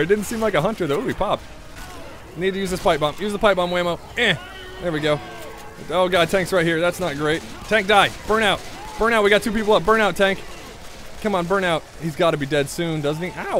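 A man's voice: a little high, a bit bright. A young man giving casual, sardonic commentary over his own gameplay, muttering to himself and swearing freely. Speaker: gaming video creator. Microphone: pop filter studio mic.

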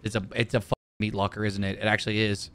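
A man streaming a video game, reacting out loud with swearing and talking to the characters on screen. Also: lowish voice, quick pace. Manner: jumpy and excitable, swears, talks to game characters. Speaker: gaming streamer. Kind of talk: let's play commentary.

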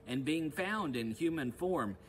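A male pastor with an unhurried voice on the high side leads a devotional service, heard through poor audio carrying a little hiss or hum. The opening is informal, relaxed and conversational; for the scripture readings and prayers that follow, he becomes solemn and louder.

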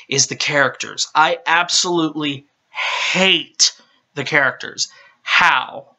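Male game reviewer, exasperated rant, bright tense tone, stammers and restarts. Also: mid-range voice. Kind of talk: casual ranting game review.

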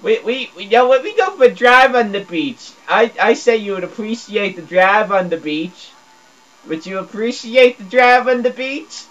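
A man's voice: animated, moderate pace, a bit bright. A man doing comedic gameplay commentary, stammering and repeating words in dopey broken grammar, dropping to a mumble and then jumping up to a squeal. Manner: swings between mumbling low and squealing high. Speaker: gameplay video creator. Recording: dull lo-fi recording.

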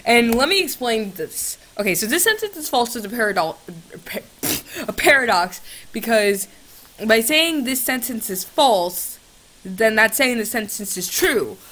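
A woman's voice: on the high side, expressive, takes it slowly, fairly bright tone, a little hiss or hum. A young woman vlogger chatting sarcastically with a chatbot, swinging between shrieks and mutters, on a computer's built-in mic. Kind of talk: casual chat with a chatbot.

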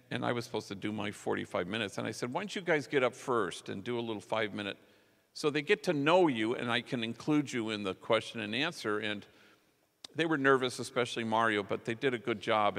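A man's voice: mid-range voice, creaky, a bit bright. A man preaching a sermon as a conversational story, acting out the quotes of the people in it. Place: large church. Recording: long church reverb.

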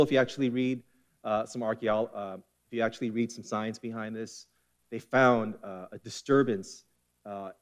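A man preaching a sermon as pastor, impassioned, swinging between forceful emphasis and hushed intensity. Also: mid-range voice.

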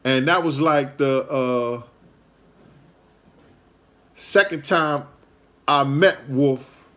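A man's voice: mid-range voice, very slow, a bit bright. A man, hosting his own show and telling a casual story in a rambling, repetitive way full of street slang.

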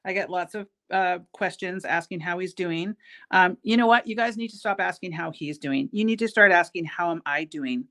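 A woman's voice: fairly low pitch, normal speed, fairly bright tone. A middle-aged woman hosting a casual beading tutorial, chatty and self-mocking as she works. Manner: chatty, self-mocking, laughs at her own jokes. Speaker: host, bead shop owner teaching a craft.

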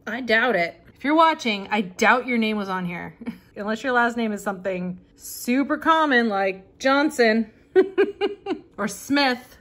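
A woman's voice: fairly high pitch, lively intonation, unhurried, fairly bright tone. Chatty, amused woman flipping a catalog. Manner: chatty and amused, laughing often and reading bits aloud. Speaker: vintage reseller and channel host. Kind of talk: casual commentary while flipping through an old catalog.

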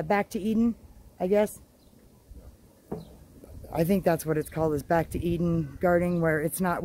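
A woman homestead vlogger chatting outdoors in her garden, gushing and exclamatory, with drawn-out words. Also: fairly low pitch, dark tone, poor audio. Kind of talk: casual excited vlog.

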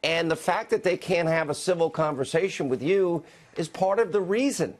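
Male TV host, combative and opinionated, slightly high voice. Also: moderate pace. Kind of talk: TV interview.

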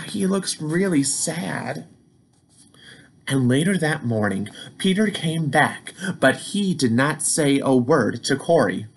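A man reading a children's storybook aloud, gentle and encouraging toward young listeners. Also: fairly high pitch.

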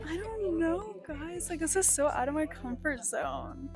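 A woman's voice: high voice, sing-song, moderate pace, hardly any pauses. A young woman from Texas, gushing in a bubbly, exclamation-filled way as she chats through a thrift-store vlog and voice-over. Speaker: thrift vlogger. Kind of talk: excited casual vlog chat and voice-over. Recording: music playing behind the voice.

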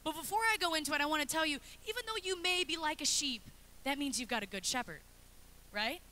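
A woman in her thirties preaching a lively, chatty sermon in a church, acting out little scenes as she goes. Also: high-pitched, fast talker. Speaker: pastor's wife preaching. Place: church sanctuary.

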